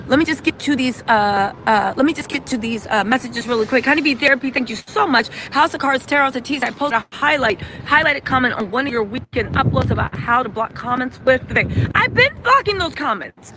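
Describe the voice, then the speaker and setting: A woman hosting a casual livestream from a city street, talking fast and emphatic, tagging "right?" onto her points. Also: sits high, animated, background noise. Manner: chatty, emphatic, many "right?" tags. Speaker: livestream host.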